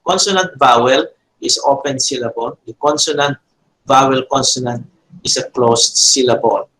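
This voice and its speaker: A man teaching a Biblical Hebrew grammar lesson. He talks haltingly, with frequent fillers and self-corrections, and repeats key terms for emphasis. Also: medium pitch, fairly bright tone, a little hiss or hum, low-quality recording. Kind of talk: classroom grammar lecture.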